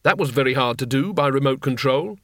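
A man doing a weary, put-upon male wizard from a comic fantasy storybook, muttering his thanks through gritted sarcasm. The voice sits a touch higher than plain narration, dry and close with no room around it. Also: expressive, a little fast, a bit bright, no echo. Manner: bitter, sarcastic grumbling.

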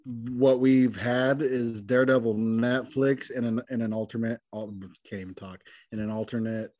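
A man co-hosting a podcast in casual chat, asking questions, teasing and halting between words. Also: medium pitch, steady tone, darkish tone, dry recording. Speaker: podcast co-host.

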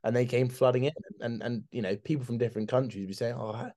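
A man's voice: medium pitch, fairly even intonation, fast, warm tone. A man, co-hosting a casual sports podcast, laughing often, calling his friend mate, and repeating words as he goes. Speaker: podcast co-host.

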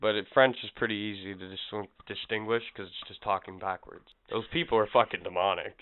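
A man's voice: on the low side, steady tone, brisk. A man co-hosting a podcast as the tech guy, offhand and rambling in casual profane banter. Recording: tinny lo-fi recording.

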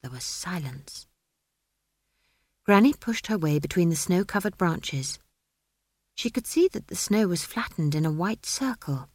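A woman narrating an audiobook, measured and dry in her storytelling. Her voice sits lowish, and the recording is close and dead, with no room sound. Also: expressive, dry recording.

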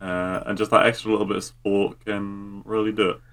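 A low-voiced man co-hosts a podcast in easygoing conversation. He talks hesitantly and leans on "uh" and "um" while he finds his words. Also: little pitch movement, brisk, fairly bright tone, soft background music. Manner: hesitant, lots of "uh" and "um". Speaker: podcast co-host. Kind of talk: casual chat.

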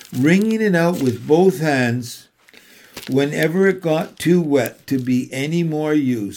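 A man reading a children's novel aloud in a measured, unhurried way. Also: on the high side, a little mellow. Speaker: narrator. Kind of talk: audiobook reading.

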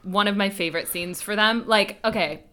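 A woman's voice: mid-range voice, normal speed, pushed and bright. A young woman co-hosting a casual chat, recapping a TV episode and swearing freely as she acts out the characters' lines. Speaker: podcast co-host.

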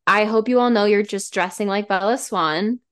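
A woman talks as a guest in a casual podcast chat, gushing with eager, animated enthusiasm. Her voice sits at a middle pitch for a woman. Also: moderate pace.

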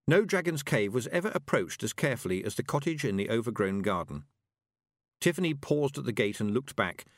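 Expressive male storybook narrator. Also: lowish voice, no echo, studio quality. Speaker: audiobook narrator. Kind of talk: scripted narration.

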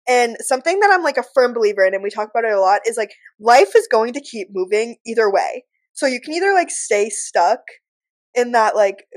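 A woman in her twenties co-hosting a podcast, frank and blunt, with lots of filler words. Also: medium pitch. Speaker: podcast co-host. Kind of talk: casual chat.

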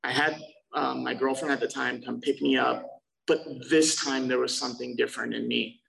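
A man's voice: mid-range voice, steady tone, normal speed, vocal fry, fairly bright tone, far from the mic, poor audio. A young man casually telling his recovery story, swearing freely and acting out past conversations. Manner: profane, loose, acts out quoted exchanges.

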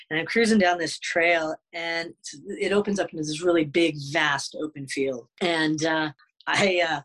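A man, a wolf advocate guest, telling a story in an interview with many halting restarts. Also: a little high, a bit bright, poor audio.

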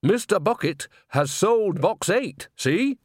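A man's voice: high-pitched, very animated, takes it slowly, no echo, clean studio sound, voice pushed up, full character voice. A man voicing a cheerful, sly old woman witch in an audiobook, chatty and folksy. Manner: chatty, folksy, turns quietly menacing.

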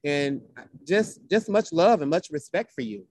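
A man's voice: on the high side, very animated, a little slow, darkish tone. A man from Florida, a poet guest in an interview, speaking with a rhythmic, repetitive, preacher-like cadence. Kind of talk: heartfelt conversational interview.

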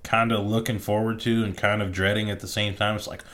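Male co-host, low register, loose and profane, easygoing delivery. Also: level tone, a little fast, fairly bright tone. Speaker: podcast co-host. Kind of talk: casual chat.

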